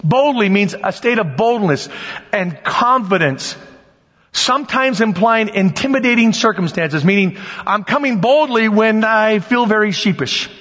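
A man preaching an animated sermon as pastor, swinging between loud bursts and quiet asides. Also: sits high, measured pace. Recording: dull lo-fi sound with long hall reverb.

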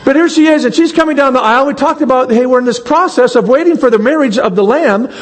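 A man's voice: very high-pitched, quick pace, long reverb tail, a little hiss or hum, low-quality recording. A man preaching a sermon in a church, asking the congregation rhetorical questions and acting out little quotes. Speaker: pastor.

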